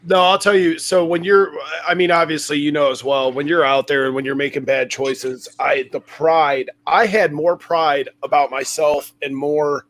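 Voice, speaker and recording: A man's voice: a little high, steady tone, moderate pace, hardly any pauses, fairly bright tone. A man in his forties hosting a podcast, talking frankly and conversationally and swearing freely. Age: 40s. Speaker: podcast host. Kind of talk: casual interview talk.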